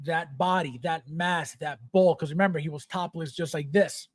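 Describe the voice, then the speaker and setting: A man's voice: a little high, steady tone, normal speed, no echo, studio quality. A middle-aged man hosting a live chat show, ranting bluntly, mocking fans in put-on voices, and swearing freely. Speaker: host.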